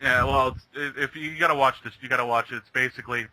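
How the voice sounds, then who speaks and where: A man's voice: mid-range voice, steady tone, quick pace, bright, forceful tone, dry recording, low-quality recording. A man chatting casually and retelling a cartoon plot, rambling with many restarts. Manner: rambling storyteller, stumbling restarts. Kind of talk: casual chat.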